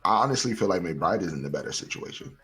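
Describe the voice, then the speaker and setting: A man's voice: low-pitched, animated, fast, a bit bright. A man co-hosting a casual fantasy football podcast, often agreeing and swearing casually. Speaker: podcast co-host.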